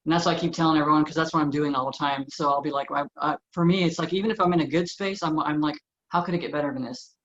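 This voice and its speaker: A woman's voice: low-pitched, steady tone. A woman co-hosting a spiritual talk show, speaking eagerly in casual chat with frequent restarts. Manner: quick, eager, with repeated restarts. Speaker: co-host of a spiritual podcast. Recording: slightly muffled sound.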